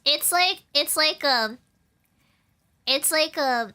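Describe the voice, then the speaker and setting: A woman's voice: high voice, animated, slow pace, bright, forceful tone. A young woman streaming, chatting casually in a bubbly, rambling way, getting teary and giggling. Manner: bubbly, giggly, rambling with many likes and ums. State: teary, emotional. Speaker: VTuber streamer.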